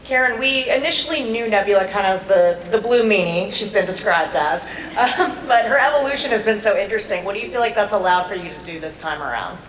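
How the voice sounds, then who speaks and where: A woman's voice: medium pitch, animated, a little fast, hardly any pauses, fairly bright tone. Upbeat woman moderating a panel. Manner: upbeat, asking questions. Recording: echoey hall recorded from far off, faint noise.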